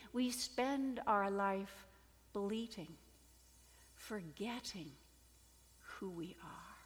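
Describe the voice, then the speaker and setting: A woman preaching a sermon, telling a fable in an expressive storytelling manner with dramatic swings in volume. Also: medium pitch, extremely slow, in a large hall.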